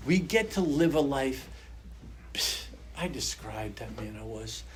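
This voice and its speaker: A man's voice: medium pitch, expressive, unhurried, slight background noise. An older man giving an earnest, conversational personal testimony at a recovery meeting, speaking to an audience in a meeting room. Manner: earnest, conversational, acts out quoted voices.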